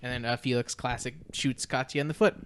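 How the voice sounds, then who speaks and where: A man with a smooth, clear voice at an ordinary middle pitch chats loosely through a film's plot on a podcast. He rambles with plenty of "like" and "uh" and now and then slips into the characters' lines. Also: steady tone, fairly quick. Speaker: podcast co-host. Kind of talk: casual film recap chat.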